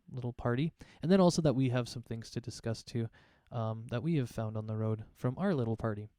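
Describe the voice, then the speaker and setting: A man acting as game master, narrating a tabletop game in a relaxed, rambling way with many fillers. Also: medium pitch, smooth, dry recording, studio quality.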